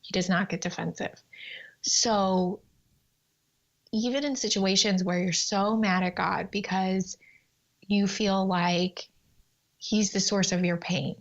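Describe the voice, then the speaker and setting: A woman guest telling animated stories on a faith podcast, often acting out her prayers in a higher voice. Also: takes it slowly, pauses often, muffled recording. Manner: animated storyteller, acts out prayers in a high voice. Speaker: guest, time management coach.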